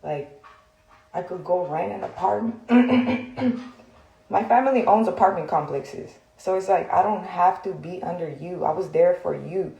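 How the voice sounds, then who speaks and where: A woman's voice: lowish voice, unhurried, creaky, mellow. Blunt, profane woman venting in an echoey room. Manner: blunt, profane, rambling with many fillers. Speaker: social media vlogger. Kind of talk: heated direct-to-camera rant.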